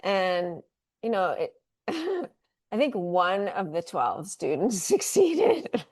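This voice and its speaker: Slow, chatty woman guest. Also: mid-range voice, husky. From United States. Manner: relaxed, chatty, laughs often. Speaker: guest, food company founder. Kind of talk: casual interview talk.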